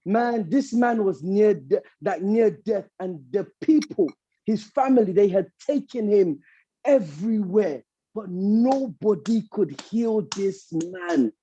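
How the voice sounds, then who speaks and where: A man's voice: sits high, animated, slow, warm tone, breathy edge, no echo. A man with a Sierra Leonean accent, a storyteller and MC, telling a folk tale with call-and-response. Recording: muffled lo-fi call audio.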